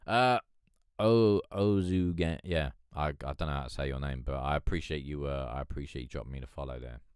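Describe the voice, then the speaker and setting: A man hosting a casual live stream with a flat, droll Eeyore-like voice, chatting, swearing and reading out the chat. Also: rumbling low, a little fast, clean tone, dry recording, clean studio sound. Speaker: livestream host.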